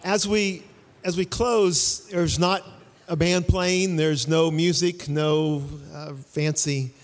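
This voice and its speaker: Male host, closing remarks, slightly high voice, hall reverb. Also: slow. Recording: echoey hall.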